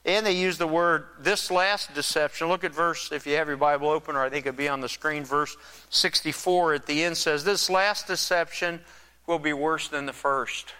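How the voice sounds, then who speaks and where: A man's voice: a little high, steady tone, moderate pace, sharp tone, clean tone, big-room sound. A man preaching a sermon, conversational, imagining and acting out the dialogue of the story. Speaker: pastor.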